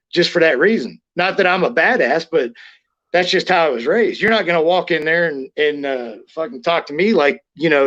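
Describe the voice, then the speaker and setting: A man's voice: on the high side, muffled recording. A man telling blunt, profane stories as an interview guest, acting out the lines he quotes. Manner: blunt, swears constantly, acts out quotes loudly. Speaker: interview guest, former wrestler. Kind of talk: casual storytelling, profane.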